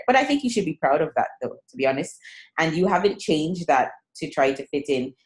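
A woman hosting a business podcast, encouraging her guest and listeners in a chatty way with fillers. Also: deep voice. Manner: warm encouraging, rambling with fillers. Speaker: podcast host. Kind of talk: podcast interview and outro.

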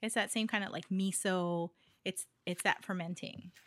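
In a fairly low, fairly even voice at a moderate pace, a Hawaiian woman co-hosting a podcast chats away. She giggles often and fills her speech with fillers.

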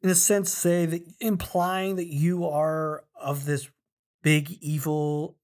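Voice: medium pitch, flat delivery, slow, darkish tone. A podcast co-host in casual chat who laughs often and reflects with enthusiasm on the story.

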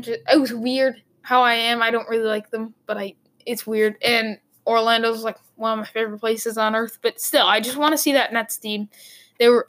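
Young Boston woman, sports talk host, high bright voice, rambling and emphatic. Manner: rambling, emphatic, lots of "like" fillers. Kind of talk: opinionated sports commentary monologue.

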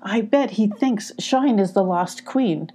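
A woman's voice: mid-range voice, slow, mellow. A woman voicing a rebellious young male dog who argues earnestly in a storybook reading. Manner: earnest, argumentative.

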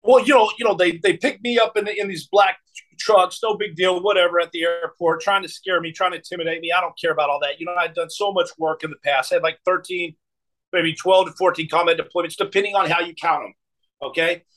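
A man's voice: high-pitched, fairly even intonation, brisk, a bit bright, rough recording. A man in his forties telling a long personal story as a podcast guest, rambling and repeating words with many fillers.

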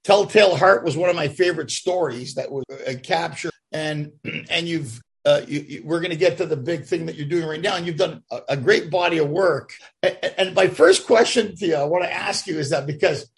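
A man with a high, gravelly voice hosts a relaxed interview. He rambles and stumbles, circling back over his own words before he gets to the question. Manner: rambling, halting, many restarts and fillers. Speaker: interview host. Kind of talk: casual interview chat.

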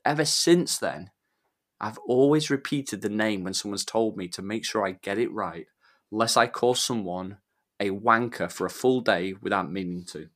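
A man's voice: lowish voice, moderate pace, fairly bright tone. A man from England, co-hosting a podcast and telling rambling, self-deprecating anecdotes in casual chat. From northern England. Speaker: podcast co-host.

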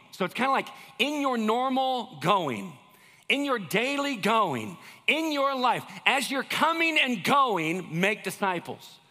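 A male pastor giving a conversational sermon with jokes, moving between loud bursts and quiet asides. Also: high voice, big-room sound.

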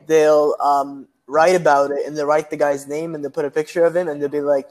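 A man's voice: a little high, level tone, fairly quick, hardly any pauses, darkish tone. A young man from Pakistan, a university student, telling a story in casual chat, acting out quotes. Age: young adult. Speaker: guest.

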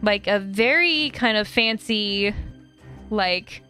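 Woman game master with a relaxed, chatty delivery and lots of fillers. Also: medium pitch, slow, clean tone, soft background music. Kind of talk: narrating a tabletop game.

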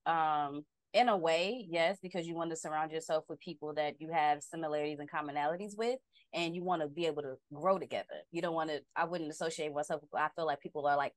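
A woman with a lowish voice co-hosts a casual chat. She talks in a playful, sassy way and laughs often. The sound is dry and close. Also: no echo. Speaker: co-host.

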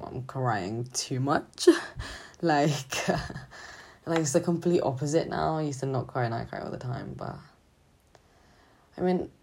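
A young woman student talking haltingly and hesitantly in a confessional vlog, sounding drained and low on energy. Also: creaky, darkish tone, husky. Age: young adult. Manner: halting, hesitant, full of restarts. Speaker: student vlogger.

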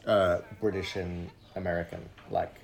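A man's voice: sits low, flat delivery, normal speed, creaky. A man co-hosting a podcast, chatting casually about a film in an easygoing way and laughing often. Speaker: podcast co-host.

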